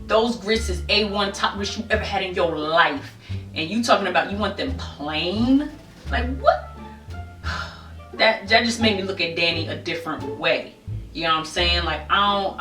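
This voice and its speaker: A young woman telling a casual storytime, animated, bursting into high squeals when she quotes herself. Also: recorded from a distance. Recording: echoey room, voice a bit off-mic, faint music behind.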